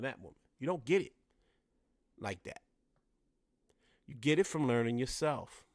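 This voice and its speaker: A man's voice: mid-range voice, no room sound, studio quality. A man with a Washington DC accent hosting a solo podcast. He talks straight to his listeners and repeats phrases for emphasis. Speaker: podcast host.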